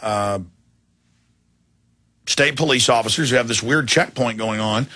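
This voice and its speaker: A man's voice: mid-range voice, measured pace, pauses often, pushed and bright. A tired male talk radio host rambling through an indignant personal story in an interview, full of restarts. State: tired after a long broadcast.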